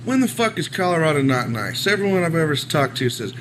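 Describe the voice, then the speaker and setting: A man's voice: on the high side, very animated, brisk, a bit bright, slight background noise. A man co-hosting a comedic podcast, blunt and sarcastic, swearing a lot. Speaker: podcast co-host. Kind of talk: comedic casual chat.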